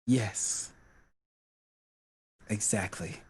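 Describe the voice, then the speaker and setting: A man player speaking in character in a tabletop game, calm and blunt. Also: on the low side, drawn-out words, husky.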